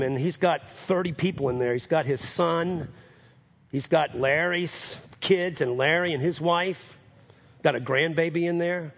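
A man preaching in a gravelly, husky voice, spinning a story from the pulpit. He has a New Orleans accent, and his voice sits a little high for a man. He keeps acting out the other people in the story as he tells it. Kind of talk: sermon storytelling.

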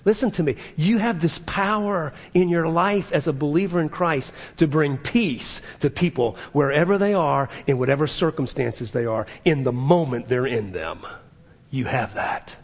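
A male pastor preaching a sermon, earnest, dropping to soft whispers and rising to emphatic peaks. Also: a little high, moderate pace, husky, in a large hall.

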